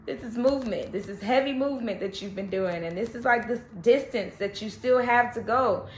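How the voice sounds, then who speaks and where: A woman gives a casual tarot reading in a lively, encouraging manner, often checking in with the listener. Her voice sits mid-range in pitch. The recording is roomy and echoey, with a faint hiss underneath. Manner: animated, repeats "okay?" and reassuring phrases. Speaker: tarot reader. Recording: echoey room with faint noise.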